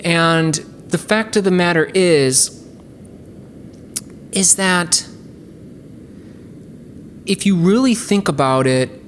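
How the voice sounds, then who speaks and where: A woman with a low voice hosts a casual music-software tutorial. She talks chattily and enthusiastically, padding her sentences with fillers. A faint hiss runs under her voice. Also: lively intonation, slow pace, long pauses. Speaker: host.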